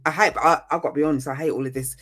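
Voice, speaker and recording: A woman's voice: deep voice, rapid-fire, fairly bright tone, faint music behind. A woman giving a casual tarot reading, chatty and rambling, with frequent ums and mild swearing. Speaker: tarot reader.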